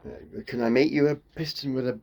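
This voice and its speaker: A man riffs through a playful comic monologue, hopping from one tangent to the next. His voice sits at an ordinary middle pitch. He talks in a loose, free-associating way. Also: steady tone, fairly quick, darkish tone. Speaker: comedian.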